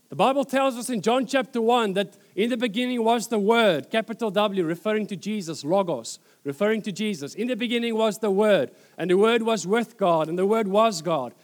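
Guy preaching, fairly high voice, slow dramatic pauses, repeats lines for effect. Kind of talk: sermon.

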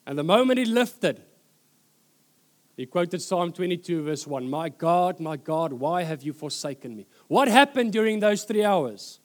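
High-voiced man preaching a sermon. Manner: preaching with dramatic pauses and repetition.

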